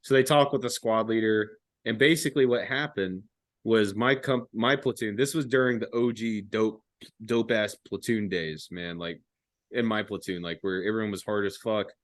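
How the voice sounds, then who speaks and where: A man's voice: fairly low pitch, normal speed, no echo, clean studio sound. A young man hosting a podcast, telling a long army story in casual, profane chat. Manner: profane, animated storytelling with acted-out quotes. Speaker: podcast host.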